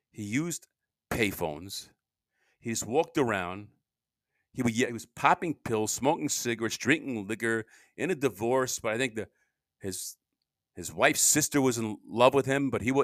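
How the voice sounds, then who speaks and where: A tired middle-aged man rambles through a solo podcast monologue, with a mid-pitched voice that rises and falls a lot. He keeps cutting himself off and swings between loud bursts and low mumbles. The sound is close and dry, with no room around it. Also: animated, normal speed, no room sound. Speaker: podcast host.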